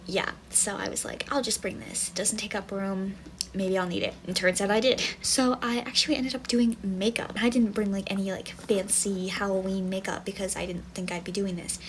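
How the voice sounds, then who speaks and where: A woman's voice: medium pitch, fairly even intonation, brisk, hardly any pauses, slight background noise, rough recording. A young woman and university student telling a casual storytime vlog, rambling with many fillers and often dropping to a near whisper. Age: young adult. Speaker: vlogger.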